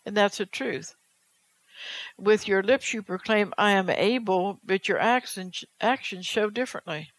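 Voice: medium pitch, measured pace, a bit bright, no echo, low-quality recording. A preacher delivering a fervent sermon, exhorting the church with rhetorical questions and reading scripture aloud.

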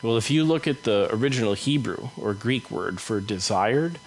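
A man's voice: on the low side, lively intonation, slight background noise, rough recording. Man preaching a casual sermon. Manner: conversational, acts out Bible dialogue in quick voices.

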